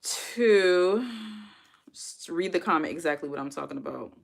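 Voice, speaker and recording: Casual woman streamer, lowish voice, loose and rambling, reading out comments. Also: animated, a little slow, gravelly. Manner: chatty, rambling, reads comments aloud. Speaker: livestream host. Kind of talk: casual live-stream chat.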